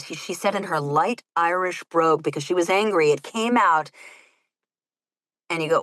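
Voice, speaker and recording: A woman audiobook narrator as a guest in a casual chat, rambling and self-mocking, acting out quotes with sudden high jumps. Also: moderate pace, pauses often, fairly bright tone, dry recording, low-quality recording.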